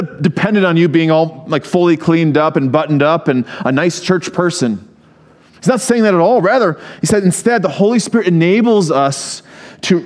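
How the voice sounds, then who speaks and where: Male pastor, lightly higher voice, very expressive delivery, chatty sermon with jokes. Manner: conversational preaching with asides and humor; reads scripture aloud.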